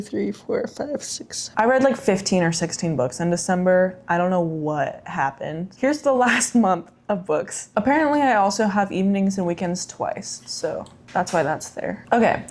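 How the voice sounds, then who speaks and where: A woman's voice: mid-range voice, darkish tone. A young woman vlogging about books she read, chatty and effusive, with frequent fillers and self-corrections. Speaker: book vlogger. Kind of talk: casual chat.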